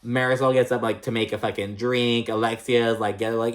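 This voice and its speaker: A man chats his way through a reality TV recap in a loose, profane way, with "like" in almost every sentence. His voice sits at a middling pitch but jumps up high and drops low again when something gets to him. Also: level tone, fairly quick. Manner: chatty and profane, heavy use of "like"; jumps between pitch highs and lows when reacting. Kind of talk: casual recap commentary.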